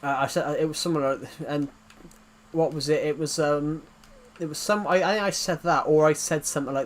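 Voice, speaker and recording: A streamer chats away over his game, wandering from one story to the next and chuckling at his own punchlines. His voice sits a touch higher than most men's. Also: moderate pace, slight background noise. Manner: rambling anecdotes, laughs at his own jokes. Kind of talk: casual chat while streaming.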